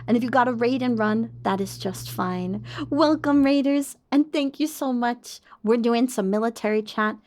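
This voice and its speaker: A woman's voice: a little high, normal speed, hardly any pauses, darkish tone. A young woman streaming casual chat, bubbly and self-mocking, laughing often.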